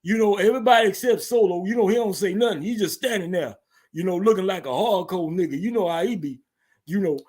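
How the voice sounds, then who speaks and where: A man with a notably high-pitched voice hosts a casual wrestling recap. He tells it as loose, slangy storytelling, swearing freely and chuckling along the way. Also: fast talker, a little mellow. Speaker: host.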